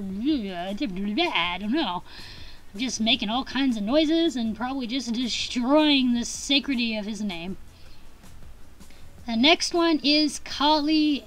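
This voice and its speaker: A woman's voice: a little high, low-quality recording. A young woman in a casual vlog, rambling and gushing about her collection with frequent giggles and restarts. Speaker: collector vlogger.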